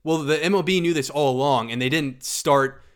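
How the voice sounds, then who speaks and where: A man hosting a sports podcast, giving animated, argumentative opinions and firing off rhetorical questions. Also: a little high, brisk, clean tone. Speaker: podcast host.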